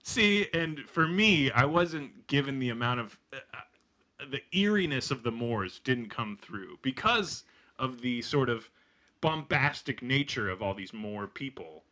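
A man's voice: mid-range voice, a little slow. A man hosting a comedy podcast, rambling in casual improv chat. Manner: rambling, animated. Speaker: podcast host.

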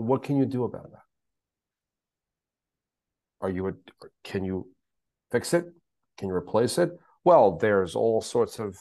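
A man's voice: lowish voice, a little mellow, no echo. A middle-aged man, a guest on a podcast, talking candidly and emphatically, repeating himself and swearing now and then. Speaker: podcast guest, special needs father. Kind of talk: candid conversational interview.

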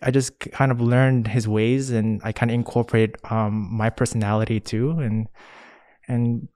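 A man's voice: medium pitch, moderate pace, dry recording. Laid-back young man rambling casually. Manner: relaxed and rambling, says "man" a lot, laughs often. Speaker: guest. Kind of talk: casual podcast chat.

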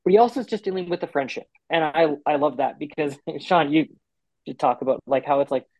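A man giving an interview about a TV series he works on, talking with lively restarts and acted-out quotes. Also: a little high, no room sound, low-quality recording. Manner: animated, quick restarts and quoted asides.

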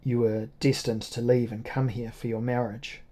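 A man's voice: mid-range voice, little pitch movement, normal speed, warm tone, lightly acted. Lebussa, a curt, imperious lady, read by a man. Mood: stern. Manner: curt, challenging. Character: imperious, commanding noblewoman, impatient and cold.

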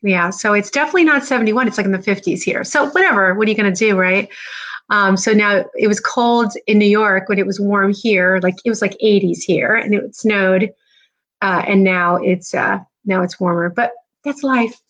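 A woman's voice: medium pitch, normal speed, a bit bright. A middle-aged woman from New Jersey hosting a live stream, chatting casually and rambling with lots of fillers. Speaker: podcast host.

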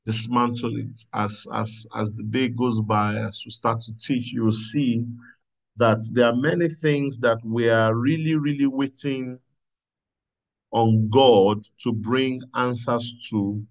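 A man preaches at a prayer meeting in a gravelly, mid-pitched voice. He is earnest and exclamatory, repeats key phrases, and calls out hallelujahs to his listeners. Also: fairly even intonation, takes it slowly, low-quality recording. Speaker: pastor leading prayer meeting. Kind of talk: sermon.

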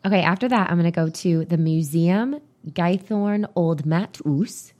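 A woman's voice: fairly low pitch, a little slow, dark tone. A woman co-hosting a podcast, chatting casually and rambling as she reads items off a list. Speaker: podcast co-host. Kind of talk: casual chat.

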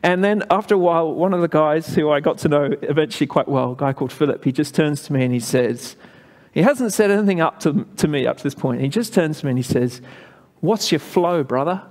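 English male pastor, fairly high voice, chatty and halting, long hall reverb. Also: a little mellow. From England. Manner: chatty, halting storytelling with many fillers. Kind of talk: sermon.

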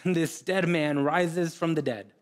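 A man preaching a sermon in an earnest way, often repeating words and pausing. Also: fairly high pitch, steady tone. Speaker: pastor.

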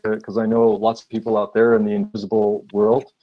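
Halting male interviewer, muffled sound. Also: on the low side, completely flat delivery. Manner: halting, thoughtful, many hesitations. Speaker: interviewer, fellow writer. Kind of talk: casual interview.

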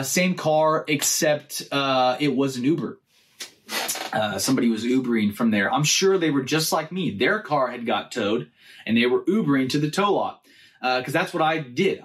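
A man hosting a podcast, telling an animated story about a bad day, laughing at his own misfortune. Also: on the high side. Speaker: podcast host. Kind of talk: casual storytelling.

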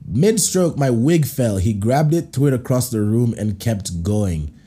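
Lively, husky-voiced man riffing loudly. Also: mid-range voice. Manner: animated, quick to laugh, riffs in playful voices. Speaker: podcast host. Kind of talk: reading and reacting to listener stories.

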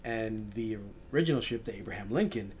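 Man explaining history with restarts, faint rumble. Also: expressive, brisk, darkish tone. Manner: explains at length with frequent restarts. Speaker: book club member. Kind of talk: casual group discussion.

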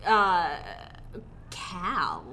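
A woman co-hosting a casual movie review chat, animated and sarcastic, swearing freely. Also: fairly low pitch, very slow, slight background noise. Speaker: podcast co-host.

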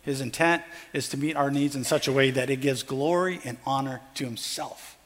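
A man's voice: medium pitch, normal speed, a bit bright. A pastor preaching a conversational sermon, acting out the parable's characters as he goes. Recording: long hall reverb.

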